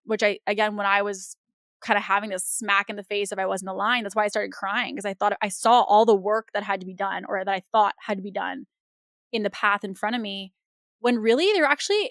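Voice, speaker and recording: A woman hosting a podcast, talking in a casual, animated and rambling way with lots of fillers. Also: mid-range voice, no room sound, clean studio sound. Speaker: podcast host. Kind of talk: casual conversational interview.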